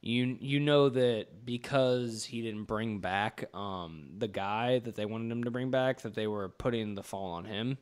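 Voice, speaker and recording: A man's voice: fairly low pitch, unhurried, hardly any pauses, clean tone. A young man co-hosting a podcast, rambling through a movie plot in casual chat, swearing and acting out the characters' lines. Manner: rambling, swearing, acts out scenes with laughter. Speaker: podcast co-host.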